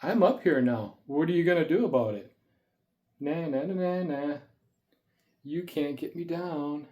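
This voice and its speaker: A man's voice: a little high, lively intonation, a little slow, a little mellow. A man doing a smug pet python. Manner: teasing, smug taunts. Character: sassy defiant female pet python.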